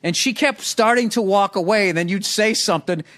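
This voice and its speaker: A man with a Boston accent spins a profane, animated story in casual podcast chat, breaking into laughter. His voice sits a little high for a man. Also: fairly quick. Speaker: podcast host.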